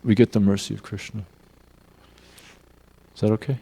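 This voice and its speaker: A man giving a devotional class in a temple hall, telling personal stories in an earnest, animated way. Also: fairly low pitch, moderate pace, vocal fry, a little hiss or hum. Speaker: class speaker. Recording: long reverb of a hall.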